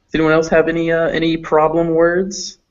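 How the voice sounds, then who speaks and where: A man's voice: a little high, monotone, brisk, clear, resonant tone. Patient man teaching pronunciation, lo-fi. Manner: patient, explains step by step. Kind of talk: online class teaching. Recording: dull lo-fi audio.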